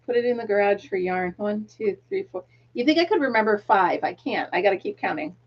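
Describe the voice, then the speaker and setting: A woman's voice: mid-range voice, big pitch swings, quick pace, slightly rough, dull audio. A middle-aged woman hosting a casual crochet livestream, chatting, laughing often and counting stitches aloud, with a tickle in her throat. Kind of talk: casual chat while crocheting.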